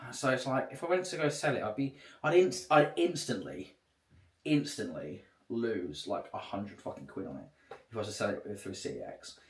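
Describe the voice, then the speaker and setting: A man's voice: on the low side, animated, normal speed. A man chatting casually on a livestream, rambling and swearing a lot. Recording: echoey room.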